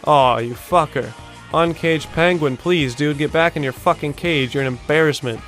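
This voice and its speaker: A young man hosting a video-game montage reaction, talking casually, swearing often and bursting out in excited disbelief. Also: a little high, normal speed, faint music behind. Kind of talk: casual gaming reaction commentary.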